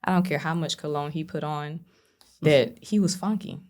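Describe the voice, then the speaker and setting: A woman's voice: deep voice, fairly even intonation, moderate pace, darkish tone. A middle-aged woman, a podcast guest, earnestly recounting her own experiences with many "you know" fillers. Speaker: podcast guest, abuse survivor. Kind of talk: candid personal storytelling.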